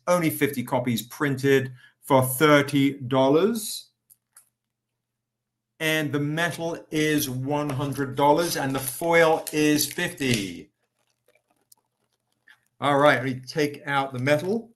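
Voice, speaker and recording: A man with a fairly high voice runs a casual live stream, greeting viewers by name and pushing comic editions with chatty enthusiasm. He sounds a little tired, as if still recovering, but keeps the pitch upbeat. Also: takes it slowly, long pauses. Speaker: livestream host selling comics.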